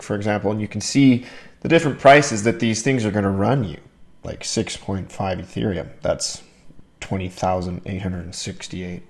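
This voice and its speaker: Lowish guy voice, crypto youtuber explaining stuff, hyped and chatty. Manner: enthusiastic, addresses viewers as "you guys". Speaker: crypto channel host. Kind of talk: casual explainer talk to camera.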